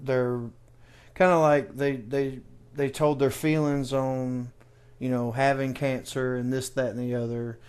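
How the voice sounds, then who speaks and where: A man's voice: mid-range voice, flat delivery, unhurried, darkish tone, clear, resonant tone. A man from the United States co-hosting a casual podcast, telling stories in a rambling, stop-start way. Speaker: podcast co-host. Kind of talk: casual chat.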